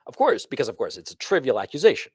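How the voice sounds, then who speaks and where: A man's voice: mid-range voice, very animated, fast talker, a little mellow, breathy edge, dry recording, studio quality. A middle-aged man streaming a casual monologue, lecturing emphatically with lots of swearing and repeated "see?" and "okay?". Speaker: streamer commenting on another show.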